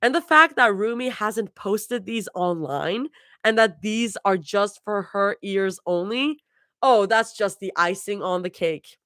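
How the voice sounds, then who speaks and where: A woman's voice: mid-range voice, measured pace, a bit bright, no echo, clean studio sound. A woman reading her fan fiction aloud live, chuckling and restarting words as she goes. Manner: laughs and restarts while reading. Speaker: fanfiction reader.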